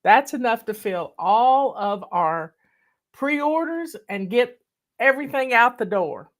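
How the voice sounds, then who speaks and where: A woman with a drawl hosts a casual live video, talking slowly in a folksy, heartfelt way. Her voice sits a little high, and she sounds teary. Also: lively intonation. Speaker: host.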